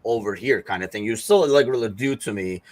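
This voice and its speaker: A man's voice: lowish voice, fast, no echo. A man co-hosting a live show in casual chat, talking in a loose, filler-heavy way and acting out quotes. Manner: animated, filler-heavy, acts out quotes loudly. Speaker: co-host. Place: studio or home setup for live show.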